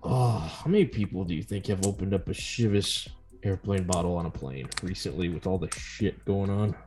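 A man co-hosting a casual whiskey-tasting podcast, loud and joking. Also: moderate pace, faint music behind. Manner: loud, joking, swings his pitch widely. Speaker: podcast co-host.

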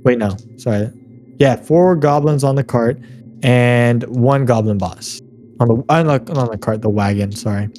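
A man's voice: mid-range voice, mellow, faint music behind. Man narrating as game master. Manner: loose, halting narration with many fillers.

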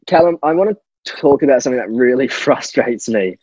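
Husky Australian radio host. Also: male voice, medium pitch, lively intonation, a little fast, darkish tone, no room sound, highs cut off. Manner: exasperated ranting. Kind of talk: casual radio banter.

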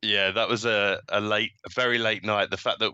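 A man speaking as a podcast guest, eager and halting, with many repeated words. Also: lowish voice, fairly even intonation, pushed and bright, smooth, no echo, dull audio. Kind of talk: casual podcast chat.

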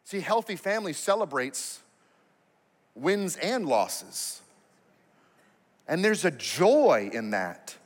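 A male pastor preaches in a high, animated voice that swoops up and down, talking to the congregation in a conversational, emphatic way. His words carry a long reverb from a large hall. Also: takes it slowly, pauses often. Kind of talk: sermon.

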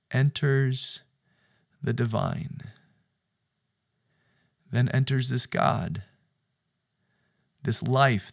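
A man delivers a podcast talk in the style of a sermon, hammering home his points with repeated phrases and swinging between near-whispers and loud outbursts. His voice is fairly low and gravelly.

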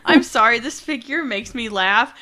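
A woman co-hosting a casual toy chat, playful and quick to laugh. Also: a little high, lively intonation, sharp tone. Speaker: co-host.

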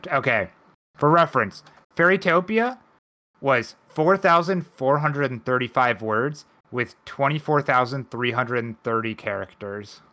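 A man hosting a casual podcast, chatting excitedly and reading out notes as he recaps a film. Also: medium pitch, a little slow. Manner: excitable, reads numbers off a script. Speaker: podcast host.

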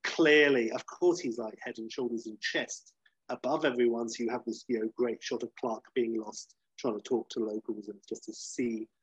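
A man on a podcast pitching a film idea in casual comedic chat. He tells the story animatedly, with lots of fillers, and acts out the scenes as he goes. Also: steady tone, moderate pace, husky, no echo. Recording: dry, slightly dull lo-fi sound.

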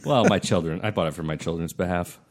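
A man in his thirties, co-hosting a casual chat and telling jokey stories with lively mock quotes. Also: deep voice, quick pace. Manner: joking, animated storytelling with mock quotes. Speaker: podcast co-host.

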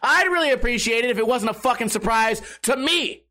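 A young man hosting a casual podcast, profane and animated, bursting into loud shouts. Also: very high voice, a little fast. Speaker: podcast host. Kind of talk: casual rambling chat. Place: at home.

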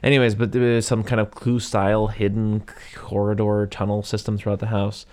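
A man's voice: on the low side, little pitch movement, fairly quick, a little mellow, clear, resonant tone. A man co-hosting a casual movie review podcast, rambling with plenty of fillers and side notes. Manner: rambling, full of fillers and asides. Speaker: podcast co-host.

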